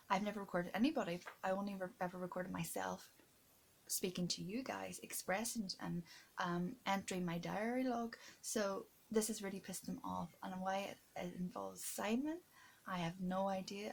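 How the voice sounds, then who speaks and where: A woman recording an emotional video diary, earnest and stressed, close to tears, halting often with fillers and restarts and sometimes dropping to a whisper. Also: medium pitch, fairly even intonation, creaky. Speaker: vlogger keeping a video diary.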